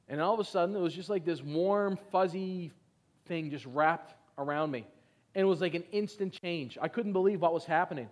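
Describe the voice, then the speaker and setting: A middle-aged man preaching in a high-pitched voice. He exhorts his congregation to answer him back and reads scripture with heavy emphasis, stretching out the key words. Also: a little fast. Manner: exhorting, calls for congregation responses. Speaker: pastor. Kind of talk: sermon.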